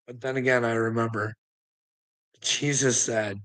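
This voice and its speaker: Man, livestream host, rambling casual chat, frequent chuckles, swearing, tense bright voice. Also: mid-range voice, steady tone, a little slow, poor audio. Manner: profane, chuckles often between phrases.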